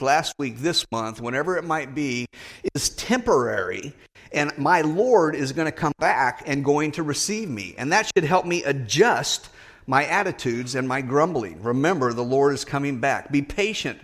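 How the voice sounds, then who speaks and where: A middle-aged man preaching a sermon, earnest and emphatic, rising higher on the words he stresses.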